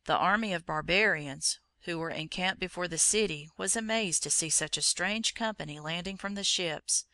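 Gravelly, bright storybook narrator. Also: medium pitch, dry recording. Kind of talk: storybook reading.

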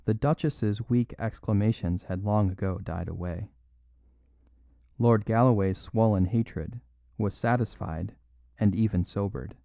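A man narrating a classic mystery story in a measured, even reading. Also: fairly low pitch, creaky, dry recording, lo-fi sound. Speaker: audiobook narrator.

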